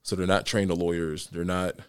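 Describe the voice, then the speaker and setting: A man's voice: low voice, little pitch movement, normal speed, clean tone, dry recording, studio quality. A man who is a county court judge, chatting casually in a long, rambling way with many restarts. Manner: rambling, many restarts and "you know" fillers. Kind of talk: casual podcast conversation.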